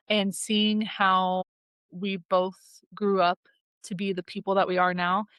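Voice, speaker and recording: A woman's voice: mid-range voice, fairly bright tone, clean tone, no room sound, studio quality. A woman in her thirties chatting casually on a podcast, telling stories with lots of fillers and quoted voices. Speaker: podcast guest, daughter. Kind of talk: casual storytelling chat.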